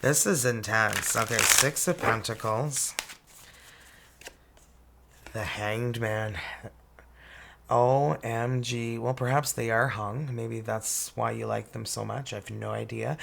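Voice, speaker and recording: A tarot reader from Canada giving a casual reading to camera. They gush with excitement, exclaim over each card and laugh often. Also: mid-range voice, slow, creaky.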